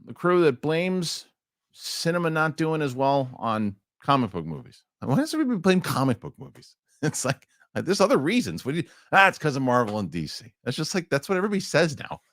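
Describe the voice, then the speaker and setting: A man co-hosts a live entertainment news show, reading news aloud and joking through casual chat with animated, rambling asides. His voice is a little high and a little fast, recorded with studio quality and no echo.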